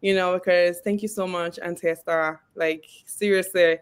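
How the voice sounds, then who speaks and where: A woman's voice: fairly low pitch, steady tone, moderate pace, clean tone. A woman in her thirties, an author guest on a video call, emotional and holding back tears, hesitant and grateful. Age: 30s. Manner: soft-spoken, hesitant, grateful. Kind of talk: interview over video call.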